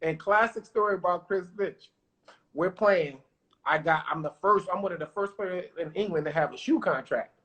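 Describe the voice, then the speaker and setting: A man, a former pro basketball player, telling lively stories as a podcast guest and acting out what people said. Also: high voice, normal speed. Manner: animated, acts out quotes, confident. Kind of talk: casual storytelling interview.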